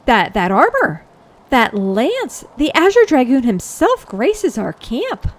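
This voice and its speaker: A woman's voice: sits high, huge pitch swings, takes it slowly, voice pushed up, full character voice. A woman voicing a proud male knight leader in a fantasy game who speaks in formal, old-fashioned phrasing. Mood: surprised, deferential. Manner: archaic courtly speech, dramatic exclamations.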